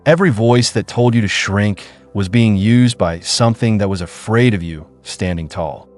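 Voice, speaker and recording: A man delivering a scripted devotional sermon in a slow, solemn, declarative cadence. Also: on the low side. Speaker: preacher. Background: soft music.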